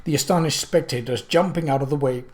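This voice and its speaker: A man's voice: a little high, fast. A man narrating a mystery novel chapter as an audiobook reader, voicing the characters himself. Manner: steady storytelling, puts on voices for characters.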